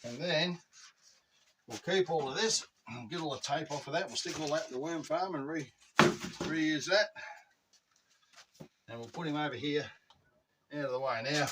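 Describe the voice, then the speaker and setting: A relaxed Australian man talks his way through a backyard job, easygoing and full of slang. His voice sits a touch higher than most men's. He is picked up from a few steps off the mic, with steady noise behind him. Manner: laid-back, chatty, slangy. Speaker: channel host. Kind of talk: casual outdoor vlog. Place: outdoors at home garden. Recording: distant mic with clear background noise.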